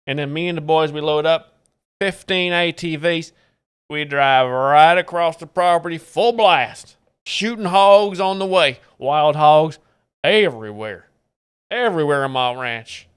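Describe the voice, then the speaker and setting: Guy doing a loud bragging texan rancher, smooth voice, texan drawl, kinda high. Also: measured pace. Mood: boastful. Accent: Texan, put on. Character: boastful rich Texan man, gun-loving ranch owner.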